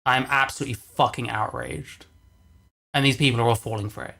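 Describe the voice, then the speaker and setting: A man's voice: mid-range voice, steady tone, fairly quick, gravelly, bright, forceful tone. Furious, profanity-heavy male livestreamer. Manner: profane, exasperated, repeats phrases for emphasis. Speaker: livestreamer reacting to videos. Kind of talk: angry casual livestream rant.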